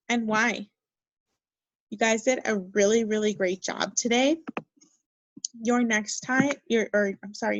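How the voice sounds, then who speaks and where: A woman teaching a second grade phonics lesson, speaking slowly and encouragingly and spelling words out letter by letter. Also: medium pitch, dry recording, dull audio. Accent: Minnesota. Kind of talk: recorded remote phonics lesson.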